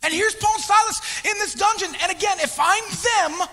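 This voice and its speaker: A man preaching a sermon as pastor, candid and self-deprecating, swinging from hushed whispers to shouted emphasis. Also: very high-pitched, fairly quick, hardly any pauses. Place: church auditorium. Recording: long reverb of a large hall.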